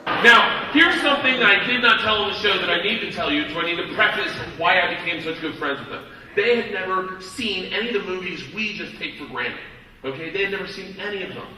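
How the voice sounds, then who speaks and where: A middle-aged man telling a loud, excitable, profane stand-up story. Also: sits high, brisk. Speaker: stand-up comedian. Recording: echoey hall, mic far off, noisy.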